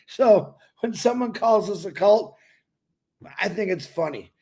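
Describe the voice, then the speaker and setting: On a pre-recorded casual talk show, a retired older man serves as co-host, his congested voice high, expressive and a little mellow at a measured pace. He reflects in an easygoing manner and laughs from time to time.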